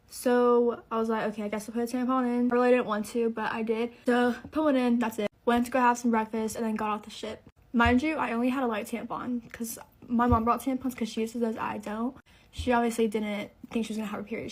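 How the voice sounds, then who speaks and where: Fast-talking young woman, chatty storytime vlog. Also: fairly high pitch. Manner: chatty, dramatic, lots of "like" fillers. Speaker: beauty vlogger. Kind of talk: storytime vlog while getting ready.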